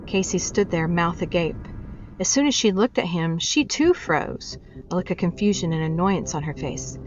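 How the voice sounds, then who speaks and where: A woman reading short fiction aloud in steady, measured narration. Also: lowish voice, slight background noise. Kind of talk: storybook reading. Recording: dull lo-fi with faint music.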